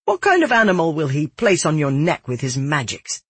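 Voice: mid-range voice, wildly swooping pitch, normal speed, husky, dry recording. A narrator voicing a cruel young male noble who sneers and spits out threats in an audiobook. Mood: taunting. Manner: threatening, spitting out taunts. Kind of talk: audiobook character voice.

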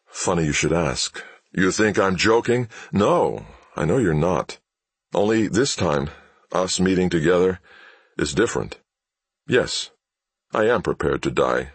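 A man voicing an adult male hostage who speaks in a quiet, steady and resolved way. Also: low-pitched, a little slow, husky, no room sound, heavily acted.

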